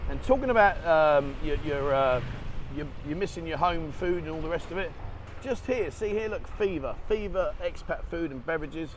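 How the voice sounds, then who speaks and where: An enthusiastic man rambles cheerfully to his camera while walking outdoors. His voice sits a little high. Traffic and street noise carry clearly behind him. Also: expressive, normal speed. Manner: chatty, enthusiastic, rambling with fillers. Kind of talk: casual walking vlog.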